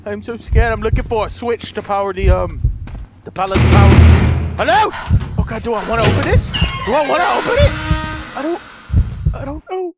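A man's voice: high-pitched, expressive, a little fast, pauses often. A man hosting a gaming video, giving panicky, melodramatic horror game commentary full of screams. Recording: loud background music.

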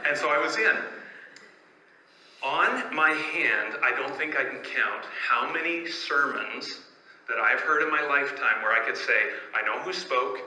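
A man's voice: mid-range voice, animated, unhurried, crowd noise. A man preaching a sermon as pastor, telling stories and asking rhetorical questions in a conversational way. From Canada. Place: church sanctuary. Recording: echoey church room, faint ambience.

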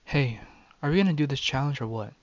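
A man's voice: mid-range voice, lively intonation, fast, dull audio, pitched above the performer's own voice, lightly acted. A man voicing a matter-of-fact teenage girl who is impatient but kind. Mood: brisk.

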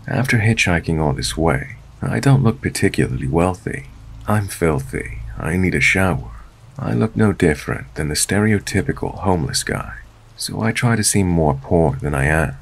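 Deep gravelly man narrating. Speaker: horror story narrator. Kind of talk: scripted narration.

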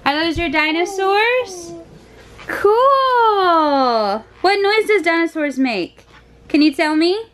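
A woman's voice: very high-pitched, lively intonation, slow pace, a bit bright. A woman vlogging at home as a mom, chatting casually and using playful baby talk with her toddler, laughing often. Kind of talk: casual home vlog chat.

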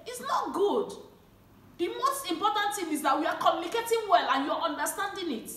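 A woman's voice: very high voice, very animated, brisk, a bit bright, reverberant. Passionate Nigerian woman with an Igbo accent. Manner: passionate and pleading, repeats words, frequent "eh?". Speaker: vlogger. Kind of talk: earnest talk to camera.

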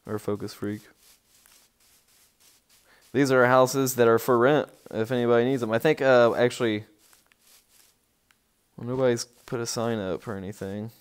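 A man giving casual, rambling commentary on a tour of his game village, easily excited and breaking into sudden outbursts. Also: on the low side, clear, resonant tone.

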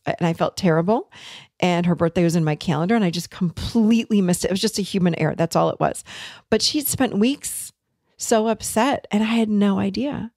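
A woman's voice: medium pitch, a little mellow, no echo, studio quality. A woman hosting a podcast, talking to listeners in an earnest, conversational way about personal growth. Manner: earnest, conversational, acts out remembered dialogue. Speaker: podcast host. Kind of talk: casual teaching monologue.

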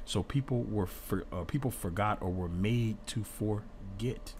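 A man's voice: lowish voice, measured pace, hardly any pauses, a little mellow, slight background noise. A man teaching an informal Bible study in an earnest, defensive way, reading passages aloud and explaining them.

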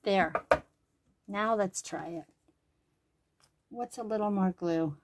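A woman's voice: mid-range voice, slow, background noise. Woman muttering to herself while crafting. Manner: chatty, muttering and thinking aloud, sometimes dropping to a whisper. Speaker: crafting vlogger. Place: home craft room.

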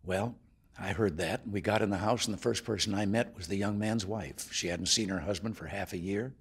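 Man in his 70s, slightly low husky voice, telling a relaxed folksy anecdote to luncheon guests. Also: normal speed. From United States. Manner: folksy storytelling with chuckles. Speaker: president addressing luncheon guests. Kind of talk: after-lunch speech with anecdote. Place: formal dining room indoors.

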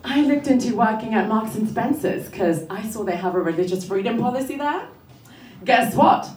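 A woman's voice: a little high, animated, moderate pace, darkish tone, slight background noise. A young woman doing a stand-up comedy set, telling dry one-liners and laughing at her own jokes. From France. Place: comedy club stage. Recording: echoey room, voice from a distance. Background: audience laughter.

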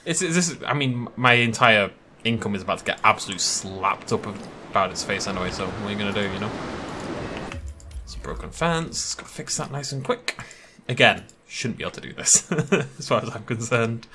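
A man's voice: on the low side, brisk, noisy background. A young man giving casual, self-amused gameplay commentary from a desk mic, laughing often. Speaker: gaming YouTuber.

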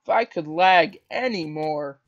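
A man's voice: on the high side, unhurried, muffled recording. A man teasing his friend while gaming, with sudden playful yelps. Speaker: gamer co-host. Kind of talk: casual gaming chat.

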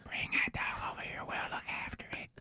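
A man putting on his wife's breathy, voiceless whisper as she begs to take in a stray dog. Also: a little fast, bright, forceful tone, no room sound. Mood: pleading. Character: hoarse whispering wife who has lost her voice.

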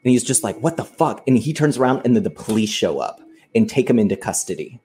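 A man's voice: fairly low pitch, lively intonation, fast talker, dark tone. A man co-hosting a podcast, casually retelling a story and acting out the quoted lines with plenty of swearing. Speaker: podcast co-host.

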